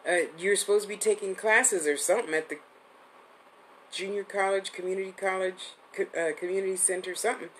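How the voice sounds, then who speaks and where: This woman in her fifties speaks briskly with a steady tone in a mid-range voice. There's slight background noise and the recording is low quality. Hosting a live-streamed psychic reading, she's chatty and affectionate, rambling with restarts.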